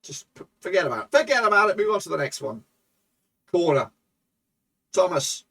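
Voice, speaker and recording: A man with a gravelly, slightly high voice calls the action of his football management game, getting loud and swearing freely. He sits a little back from the microphone. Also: moderate pace, distant mic. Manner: excitable, swearing, shouts at goals. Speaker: gaming YouTuber. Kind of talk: live commentary over a football management game.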